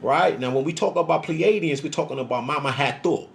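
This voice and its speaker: A man telling a rambling, profanity-heavy personal story on a livestream, animated and emphatic, often acting out the voices he quotes. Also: a little fast, vocal fry. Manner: acts out voices in quotes, pitch jumping up. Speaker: social media livestreamer.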